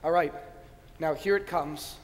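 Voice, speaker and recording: A man's voice: fairly high pitch, steady tone, unhurried, lightly acted. An actor playing a wistful man who narrates a favourite record with chatty, self-deprecating asides, captured on a stage. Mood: rueful. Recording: reverberant stage sound.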